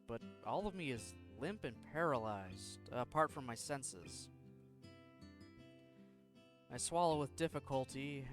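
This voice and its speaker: A man reading a visual novel aloud in first person, slow and introspective, now and then tripping over words. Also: medium pitch, a bit bright. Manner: slow, introspective, sometimes tongue-tied.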